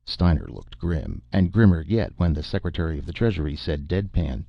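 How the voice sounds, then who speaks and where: A male narrator reading an audiobook in a measured, even way. His voice is very low and gravelly. The recording is dull and dry, with no room sound. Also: no room sound.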